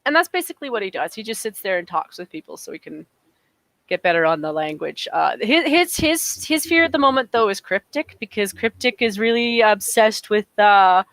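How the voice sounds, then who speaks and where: A woman's voice: medium pitch, animated, normal speed, a bit bright, no echo. Chatty woman, plain middle voice, dry close sound. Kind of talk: casual online group chat.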